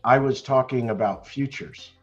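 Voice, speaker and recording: An older man chatting loudly and cheerfully on an online call about trading, laughing often. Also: medium pitch, normal speed, dull audio, soft background music. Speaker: stock trading chat member. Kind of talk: casual chat.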